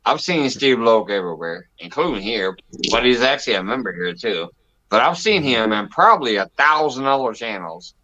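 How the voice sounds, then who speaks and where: A man's voice: mid-range voice, lively intonation, normal speed, bright, forceful tone. A man hosting a casual live stream, joking, laughing and swearing with his viewers. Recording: dull lo-fi sound.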